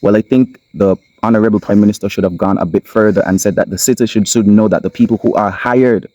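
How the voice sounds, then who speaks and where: A low, mellow-toned man with a Kittitian accent speaks straight into his camera, in a dry, close recording. He talks as the host of his own channel, pressing his points with repetition and slow, weighty stress. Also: fairly even intonation, no echo, poor audio. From Saint Kitts. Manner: emphatic, repeats lines, slows for stress. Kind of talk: impassioned solo commentary. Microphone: camera mic.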